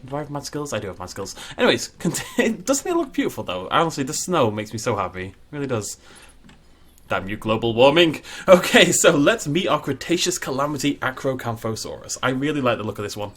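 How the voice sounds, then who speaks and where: A man's voice: mid-range voice, sing-song, a little fast, fairly bright tone. A man giving casual, self-mocking commentary while building a park in a game, chatty with jokey asides. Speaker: gaming YouTuber.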